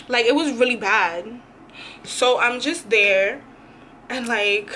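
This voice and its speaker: A woman's voice: a little high, slight background noise. A young woman vlogger telling a dramatic, slangy story in a casual storytime. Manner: animated, slangy, dramatic retelling.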